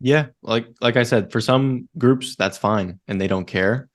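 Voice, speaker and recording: A young man co-hosting a business podcast, explaining things step by step in a measured way and often checking in with "right?". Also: mid-range voice. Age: young adult. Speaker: podcast co-host. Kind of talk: casual business podcast chat.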